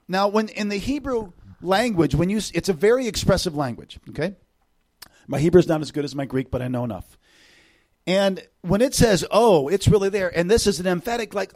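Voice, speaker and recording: A man's voice: high voice, animated, moderate pace, darkish tone. A middle-aged male preacher giving a sermon, reading scripture with emphatic swells and dropping into casual asides. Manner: casual asides with fillers like "you know" and "okay".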